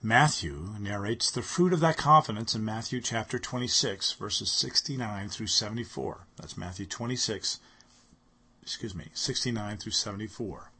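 A man's voice: fairly low pitch, moderate pace, bright, forceful tone, husky. A man delivering a sermon, speaking earnestly and reading scripture aloud with rising emphasis. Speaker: preacher.

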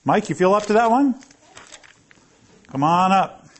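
A man's voice: sits high, lively intonation, unhurried. Chatty pastor, man with raised voice. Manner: conversational, calls on listeners by name. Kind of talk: sermon with scripture reading.

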